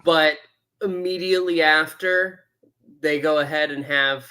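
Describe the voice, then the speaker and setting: A man co-hosting a casual movie review, recapping in a halting way with many ums and uhs and dry asides. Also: on the high side, steady tone, pushed and bright. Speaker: movie review podcast co-host.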